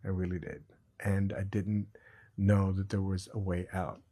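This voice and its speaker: A middle-aged man talking about recovery as a podcast guest, earnest and reflective with a dry sense of humor, in a husky voice. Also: sits low, level tone, a little slow, warm tone. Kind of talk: reflective conversation.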